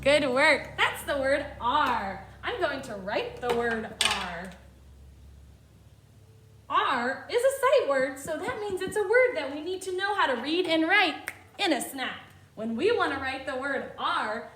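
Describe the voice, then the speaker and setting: Kindergarten teacher, woman, high and bouncy, unhurried and clear sounding-out, echoey room. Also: fairly bright tone. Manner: slow, clear sounding-out, with exaggerated letter sounds. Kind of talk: phonics lesson for young children. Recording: roomy echo.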